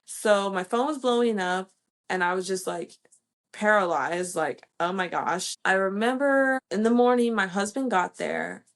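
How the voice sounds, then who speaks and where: A woman's voice: mid-range voice, measured pace. A young American woman telling a personal story in a chatty way, full of "like" and "okay", acting out what others said. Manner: chatty, fills with "like" and "okay", acts out quoted voices. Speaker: podcast host sharing her birth story.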